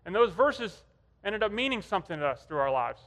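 Brief: male preacher, conversational storyteller, higher pitch, long church reverb. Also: big pitch swings, fairly quick, fairly bright tone. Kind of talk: sermon.

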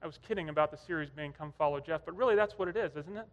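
Brief: male preacher, conversational storyteller, higher pitch, long church reverb. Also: racing, dull audio. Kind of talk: sermon.

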